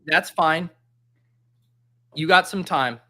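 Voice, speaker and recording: Excitable man hosting, laughing often. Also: a little high, slow pace. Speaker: host. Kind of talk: casual livestream chat.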